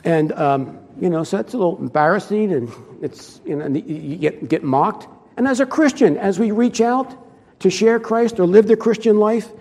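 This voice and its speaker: A man's voice: high-pitched, animated, normal speed, a little mellow, in a large hall. A male preacher giving a conversational sermon, asking his listeners questions as he goes.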